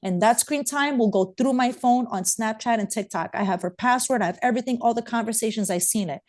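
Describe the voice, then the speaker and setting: Earnest woman guest, a mother, pressing the point again and again, slightly high pitch. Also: a little fast, darkish tone. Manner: emphatic, urgent, repeats points. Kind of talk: interview conversation.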